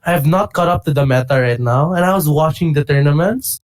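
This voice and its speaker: A man co-hosting a casual fighting-game chat, telling stories with excitable energy. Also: a little high, fairly quick. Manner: excitable, animated storytelling with bursts of shouting. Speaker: podcast co-host.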